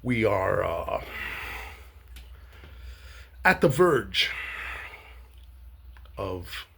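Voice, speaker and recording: Slow husky guy ranting sarcastically to the camera, lots of ums, swoopy voice. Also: fairly low pitch, big pitch swings, fairly bright tone. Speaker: commentator.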